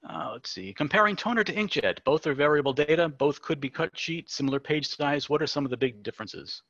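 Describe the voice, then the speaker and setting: A man's voice: a little high, expressive, fairly quick, a bit bright, no echo. A man moderating a webinar, casually reading out audience questions. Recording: dull lo-fi webinar audio.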